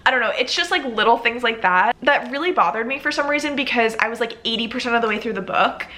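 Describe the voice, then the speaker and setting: A woman's voice: mid-range voice, pushed and bright. A young woman in a casual book review vlog, chatting and thinking aloud with lots of "like" fillers. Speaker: book vlogger.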